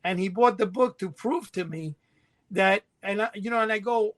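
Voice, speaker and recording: A middle-aged man co-hosting a podcast, telling rambling stories in a casual, animated way and laughing as he goes. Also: sits high, normal speed. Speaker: podcast co-host. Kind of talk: casual storytelling chat.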